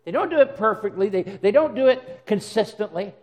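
A man's voice: high-pitched, expressive, a little fast, a little mellow, in a large hall. A man preaching a sermon in an earnest way, often repeating words as he goes and voicing the words of God and Jesus. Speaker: pastor.

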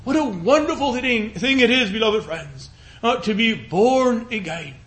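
A man preaching a sermon in an earnest, pleading cadence, repeating phrases and slowing into a hushed voice on scripture. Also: very high voice, lively intonation.

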